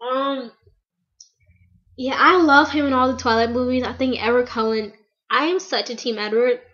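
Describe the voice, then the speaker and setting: A woman's voice: high voice, fairly even intonation, moderate pace, fairly bright tone. Gushing teenage girl, lo-fi webcam sound. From United States. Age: teen. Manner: gushing, rambling with many fillers. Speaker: vlogger. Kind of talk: casual fan vlog.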